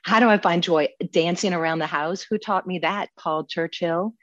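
A woman's voice: on the low side, normal speed, no room sound, highs cut off. A woman in her fifties from New Orleans, sharing her recovery story with heartfelt, tearful joy and frequent laughter. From New Orleans, USA. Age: 50s. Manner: heartfelt, tearful yet joyful, laughs often. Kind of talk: emotional personal testimony.

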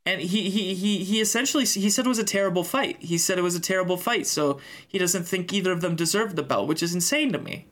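A man's voice: sits high, a bit bright. Fired-up man ranting about a fight. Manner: heated, swears, quick retelling. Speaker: podcast co-host. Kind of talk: casual sports chat.

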